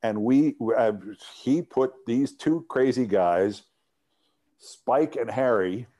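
A middle-aged man, a former sports TV host, telling animated anecdotes in an interview and often restarting his sentences. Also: mid-range voice, slow. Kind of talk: storytelling interview.

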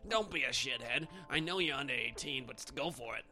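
A man voicing a bossy, chain-smoking great aunt, gruff and coughing. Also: mid-range voice, animated, fairly quick, bright, forceful tone, faint music behind.

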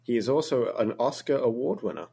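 A man co-hosting a podcast, chatting in a relaxed way and laughing often. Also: medium pitch, a little fast, gravelly, husky. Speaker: podcast co-host. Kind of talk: casual chat.

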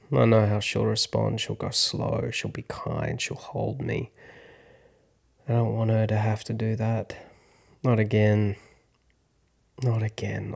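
This is a podcast host and actor in his thirties recounting his own story in first-person narration. He speaks at a slow, thoughtful pace with a flat, gravelly low voice.

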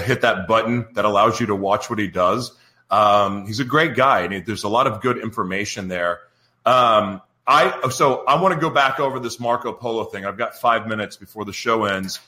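Male host of a live radio show, bright voice, roomy studio, chatty and rambling. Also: mid-range voice. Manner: rambling, chatty, talks to live viewers by name. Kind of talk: casual live radio talk.

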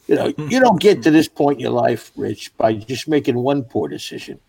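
A man's voice: mid-range voice, big pitch swings, normal speed, gravelly, mellow, husky, dry recording. A middle-aged man, a stand-up comedian, telling rambling, profane stories in casual conversation. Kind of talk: casual podcast chat.

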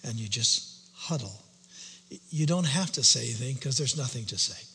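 A middle-aged male pastor telling a personal story in a sermon, shifting between loud outbursts and hushed whispers. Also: medium pitch, animated, moderate pace, husky. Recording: long hall reverb, faint hum.

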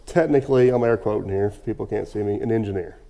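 A man hosting a casual podcast, his voice mellow and dark as it hangs in a room with a long reverb. He talks in a rambling, sarcastic way, laughing at his own jabs. It sounds like an easy, unscripted chat among friends. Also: fairly low pitch, quick pace, gravelly. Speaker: podcast host.

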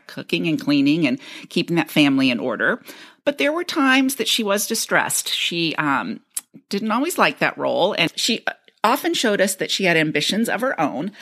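Low-voiced woman co-host sharing research. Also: fairly bright tone. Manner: enthusiastic, storytelling. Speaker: podcast co-host. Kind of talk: casual chat, reading researched notes.

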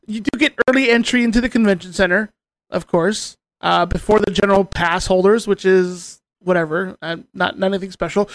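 Dry-sounding sarcastic podcast host. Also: male voice, high voice, no room sound. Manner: sarcastic, venting, swears casually. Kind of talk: casual podcast chat.

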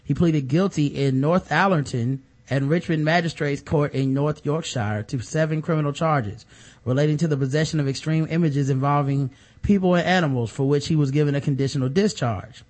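A man co-hosting a podcast, reading news stories aloud with sarcastic, deadpan jokes. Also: fairly high pitch, fairly quick. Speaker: podcast co-host. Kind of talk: casual comedic news commentary.

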